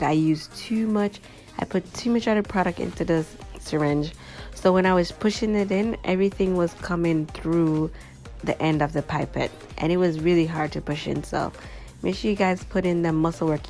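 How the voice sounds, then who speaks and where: A woman's voice: fairly low pitch, gravelly, a little mellow. A woman talking casually over her video as a small business owner and vlogger, chatting straight to her viewers in a tired, yawning voice. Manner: chatty, addresses viewers directly. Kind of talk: casual voice-over of a craft tutorial.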